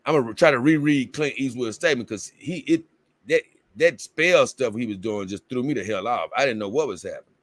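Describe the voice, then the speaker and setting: A man's voice: medium pitch, brisk, a bit bright, dry recording. A man hosting a livestream in casual chat, reading viewer comments aloud and rambling, with bursts of exasperated confusion. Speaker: livestream host.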